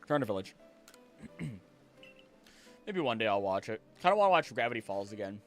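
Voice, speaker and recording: Over soft background music, a streamer and voice actor with a lowish voice talks briskly to his viewers. The livestream chat is casual, and he reads their comments aloud in a lively, jokey way.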